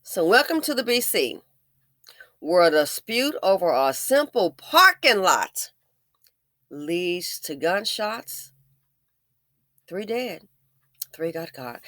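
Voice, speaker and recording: A woman's voice: on the low side, a bit bright, no echo, clean studio sound. Emphatic, preachy woman vlogger. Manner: emphatic, preachy, talks straight to viewers. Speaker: vlogger, business owner. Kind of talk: commentary vlog, advice to viewers.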